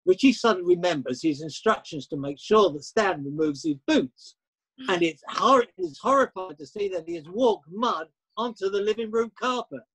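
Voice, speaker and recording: A man's voice: high voice, animated, moderate pace, a bit bright, husky, low-quality recording. A man giving scripted narration for an audio comedy drama in a plain, matter-of-fact way.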